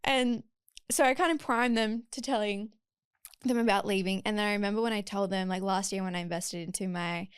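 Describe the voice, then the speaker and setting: A woman hosting a podcast, telling candid personal stories in a casual, expressive way. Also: mid-range voice, clear, resonant tone, no room sound, clean studio sound. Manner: candid storyteller, fast and expressive. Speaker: podcast host. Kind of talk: casual interview chat.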